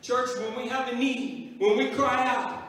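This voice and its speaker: High-voiced preaching man in an echoey hall. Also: fairly even intonation, unhurried, fairly bright tone, recorded from a distance. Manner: preaching, calls out to the church with repeated "Amen?". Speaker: pastor. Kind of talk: sermon. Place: church sanctuary.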